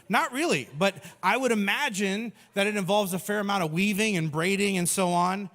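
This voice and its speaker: A man in his thirties delivers a sermon from the stage, breaking into playful impressions to make his point. His voice sits high, and a long reverb trails behind every phrase, as if it carries through a large hall. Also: expressive, brisk, fairly bright tone. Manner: humorous, acts out voices of people and Jesus. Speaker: pastor.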